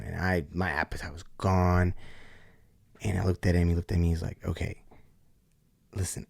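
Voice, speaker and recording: Deep-voiced man telling a lively story. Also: vocal fry, breathy edge, no echo, studio quality. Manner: acts out voices in his stories, loose and slangy. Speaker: podcast guest. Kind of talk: animated storytelling.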